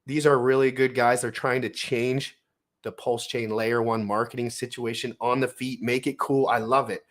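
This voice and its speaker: A man's voice: mid-range voice, little pitch movement, moderate pace. A young adult man hosting a casual livestream, talking in a hyped, slangy, rambling way and greeting viewers by name. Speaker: livestream host. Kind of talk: casual livestream chat reading out viewer names.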